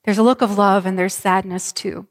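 A woman pastor preaching a sermon, telling the story vividly with dramatic pauses. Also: medium pitch, fairly even intonation, gravelly. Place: church sanctuary. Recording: reverberant church hall.

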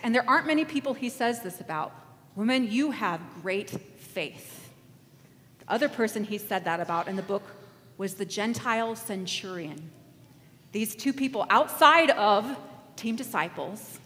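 A woman preaches an interactive sermon with a bright, higher voice that leaps around as she acts out voices and leads the congregation in call-and-response. Her voice carries through a reverberant hall with faint ambient noise behind it.

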